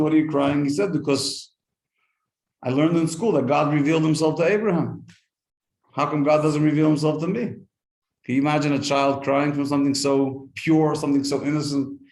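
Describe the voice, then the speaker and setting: A man, a rabbi, teaching a lively Torah class to a live group, telling stories, asking rhetorical questions and translating Hebrew quotes as he goes. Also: a little high, brisk, roomy sound.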